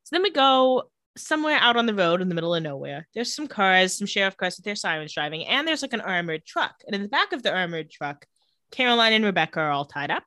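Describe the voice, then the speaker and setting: A woman co-hosting a casual chat, retelling scenes with a laugh and lively quoted lines. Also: mid-range voice, quick pace, dry recording, studio quality. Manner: animated, laughs often, acts out quotes. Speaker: podcast co-host recapping a TV episode.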